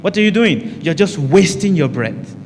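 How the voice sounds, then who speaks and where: A man's voice: on the high side, lively intonation, normal speed, darkish tone, in a large hall, a little hiss or hum. A man teaching a meditation class, often asking the group rhetorical questions and answering them himself, and repeating key phrases for emphasis. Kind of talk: spiritual teaching talk to a group.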